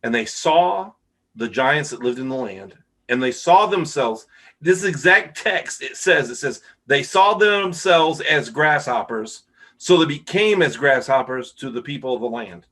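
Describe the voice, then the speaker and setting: A man's voice: mid-range voice, lively intonation, normal speed, a bit bright. Man, middle-aged, podcast host, casual interview chat, enthusiastic. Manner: enthusiastic, repeats "wow".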